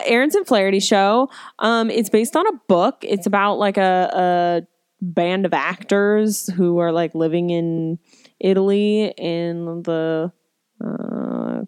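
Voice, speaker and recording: A woman's voice: medium pitch, big pitch swings, measured pace, clear, resonant tone, dry recording, clean studio sound. A woman in casual chat, rambling and chatty with lots of fillers, playfully voicing quotes as she retells a story.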